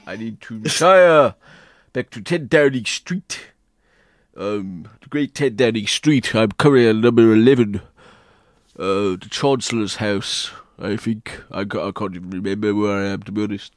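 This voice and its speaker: A man's voice: fairly low pitch, normal speed, no echo, clean studio sound, natural voice. A man doing an impression of a bumbling, older British prime minister, rambling and stammering as he fumbles for words.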